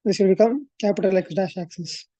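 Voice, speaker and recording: Woman, maths tutor, mellow voice, dry close sound, talks through steps with fillers. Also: medium pitch, fairly quick, no echo. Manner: explains step by step, thinks aloud with fillers and self-corrections. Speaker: maths coaching teacher. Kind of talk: classroom lecture at a board.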